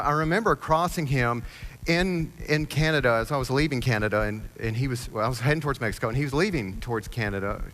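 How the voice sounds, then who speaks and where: Man speaker, story-driven talk, halting delivery, self-deprecating jokes, medium pitch. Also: a bit bright. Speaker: conference speaker. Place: on stage before an audience.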